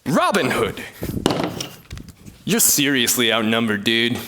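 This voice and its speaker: A young man acts out a whole comedy play alone. His voice sits high and leaps around wildly in pitch. He takes his time over the lines and hams every one up for laughs. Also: very animated, unhurried, long pauses, background noise. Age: young adult. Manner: hammy and exaggerated, with sudden pitch swings. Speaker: solo performer of a comedy play.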